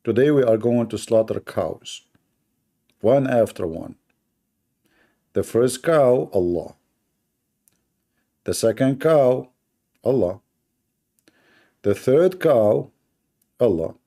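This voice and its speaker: A man's voice: medium pitch, takes it slowly, gravelly, long pauses, warm tone. A man hosting a debate livestream, talking sarcastically and mockingly to his chat.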